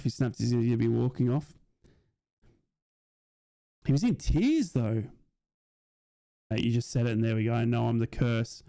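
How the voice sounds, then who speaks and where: A man with a mid-range, warm voice and vocal fry streams a live football watch-along. He chats casually, reads viewers' messages aloud and keeps asking "do you know what I mean".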